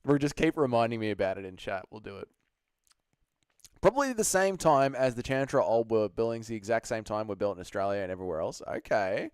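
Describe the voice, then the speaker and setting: A man's voice: on the low side, lively intonation, a little fast, clear, resonant tone, dry recording, clean studio sound. A man hosting a casual livestream, swearing freely, laughing often and answering chat messages. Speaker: livestream host.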